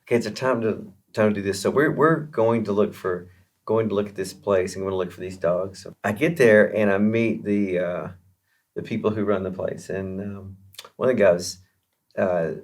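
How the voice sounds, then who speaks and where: A man being interviewed as a guest musician, telling a long story in a chatty, animated way with many fillers and restarts. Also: fairly low pitch, normal speed.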